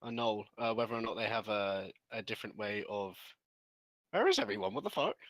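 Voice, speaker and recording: A man's voice: lowish voice, lively intonation, brisk, a bit bright, dry recording, low-quality recording. Guy playing tabletop online, laughs a lot, keeps losing his thought, dry mic. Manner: giggly, scattered, loses his train of thought. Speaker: player. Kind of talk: casual chat during an online game.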